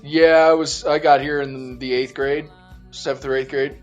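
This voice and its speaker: Male interview guest, relaxed and easygoing, mid-pitched voice, faint music underneath. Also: normal speed, lo-fi sound. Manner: relaxed, easygoing, laughs along. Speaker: interview guest, group organizer. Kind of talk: casual interview conversation.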